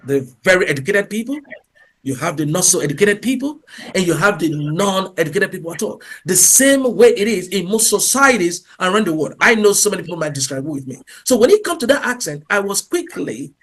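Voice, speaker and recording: Speaking very animatedly and fairly quickly, this interview guest, an English teacher, peppers his emphatic answers with "okay" and "you know." His pitch is high and his tone fairly bright.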